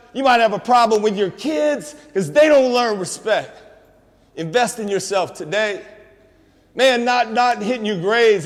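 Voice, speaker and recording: A man speaks to a student assembly in a high, carrying voice. He preaches in a streetwise way and keeps calling out to the crowd. His voice rings with the long reverb of a big auditorium. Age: 50s. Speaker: motivational speaker. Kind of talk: inspirational school assembly talk. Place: school auditorium.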